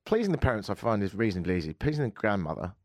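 A man's voice: fairly low pitch, sing-song, racing, a little mellow, no echo. A man from the United Kingdom hosting a casual radio chat show, full of wry, self-mocking sarcastic asides, recorded in a studio. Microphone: studio microphone.

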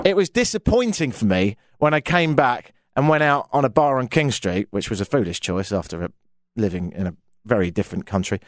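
A man's voice: fairly high pitch, no echo, studio quality. A British man hosting a talk radio show, telling rambling stories with wry, exasperated asides. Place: radio studio.

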